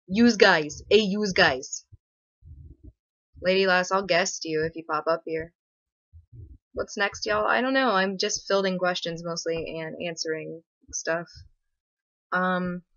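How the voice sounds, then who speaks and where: Her voice is a bit bright, captured on a webcam or laptop mic as muffled, dry, low-fi stream audio. The young woman rambles sarcastically through a casual livestream she's hosting, using many fillers.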